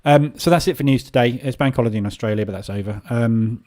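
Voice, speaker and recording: In this clip a trading room host talks through the market live, chatting casually and wandering off with lots of fillers. He has a mid-range, slightly mellow voice and speaks quickly.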